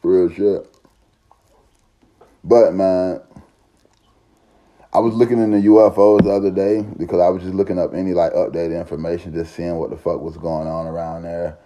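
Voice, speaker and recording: A man's voice: sits low, little pitch movement, normal speed, pauses often, warm tone, highs cut off. A man, talking in a profane, rambling, emphatic casual monologue. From Southern United States.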